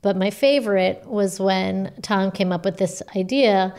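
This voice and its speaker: A woman's voice: medium pitch, measured pace, darkish tone. A young woman who recently had a baby, hosting a podcast and chatting in an encouraging way. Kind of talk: casual chat.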